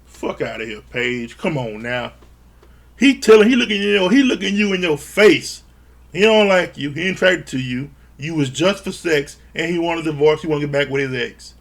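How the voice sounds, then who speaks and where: A man's voice: on the high side, expressive, moderate pace. A man recapping a reality show in a casual, blunt and profane way, sounding exasperated. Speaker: show reviewer.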